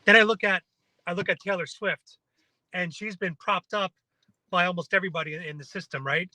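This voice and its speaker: A man's voice: high voice, steady tone, brisk, pushed and bright, no room sound, poor audio. A man hosting a live talk show, chatting in a conversational, opinionated way. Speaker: host.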